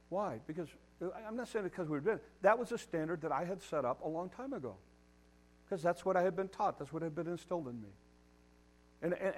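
A middle-aged man preaching a sermon, emphatic and direct, challenging his listeners and repeating words as he builds each point. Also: high-pitched. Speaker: pastor.

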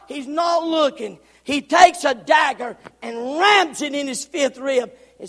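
A man preaching a Sunday sermon, calling for amens and breaking into shouts as he retells the story. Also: very high-pitched, a little slow, few pauses, in a large hall. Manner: call-and-response, bursts into shouting. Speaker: pastor. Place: church.

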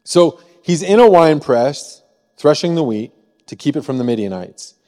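Mellow-voiced man preaching in a reverberant hall. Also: fairly high pitch, lively intonation, normal speed. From Missouri. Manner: conversational, frequent rhetorical "right?". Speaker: pastor. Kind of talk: sermon. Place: church sanctuary.

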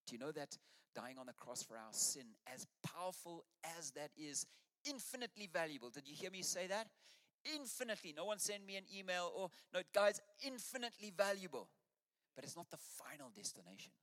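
A man's voice: fairly high pitch, big pitch swings, brisk, fairly bright tone, long reverb tail. An Australian man preaching a sermon to his church, rousing and urging the congregation on. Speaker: pastor.

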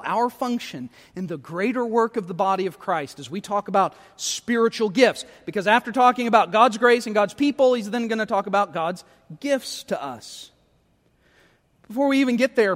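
A middle-aged male pastor preaches with a notably high voice, his words trailing off into the long reverb of the sanctuary. He talks in a conversational, self-deprecating way, often tagging his points with quick questions to the congregation. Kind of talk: sermon. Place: church sanctuary.

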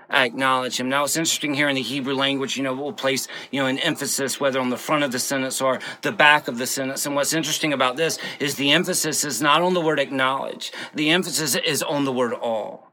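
Bright-voiced preacher, "right?" at every turn. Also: male voice, a little high. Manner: frequent "right?" tag questions, swings between loud emphasis and soft near-whispers. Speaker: pastor. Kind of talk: sermon.

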